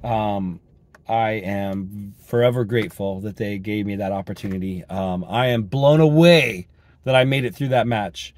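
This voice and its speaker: A hoarse, raspy man from Colorado, chatting in a rambling, upbeat way with lots of ums while he drives. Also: on the low side, fairly even intonation, a little slow. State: hoarse from a cold. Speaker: vlogger and soccer referee. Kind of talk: casual driving vlog. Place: inside a moving car. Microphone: dash-mounted action camera. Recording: loud road and car noise.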